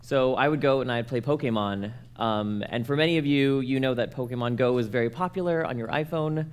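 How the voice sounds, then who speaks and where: A man's voice: medium pitch, fairly quick, clear, resonant tone. A young man from Canada telling a personal story to an audience, acting out the voices of the people in it. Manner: animated, acts out quoted voices. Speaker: speaker at a church conference.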